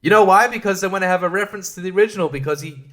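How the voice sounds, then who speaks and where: A man's voice: high-pitched, rapid-fire, pushed and bright. A young man hosting a podcast, rambling through a film review with sarcasm and frequent laughs. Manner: rambling, sarcastic, laughs often, does mocking voices. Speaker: podcast host reviewing films. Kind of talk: casual film review monologue.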